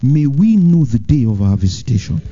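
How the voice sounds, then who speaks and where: A pastor preaches a sermon with lively delivery, moving between high, emphatic lines and low, drawn-out ones. The audio sounds dull.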